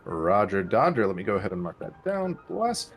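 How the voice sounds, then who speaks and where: A man's voice: on the low side, very animated, moderate pace. A man acting as dungeon master, running a tabletop game and methodically explaining rules and dice rolls step by step, with music playing underneath. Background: background music.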